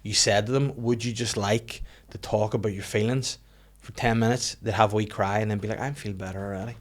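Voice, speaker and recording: A man's voice: on the low side, fairly even intonation, fairly quick. A man co-hosting a casual comedy podcast, joking and slipping into mock voices. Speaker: podcast co-host.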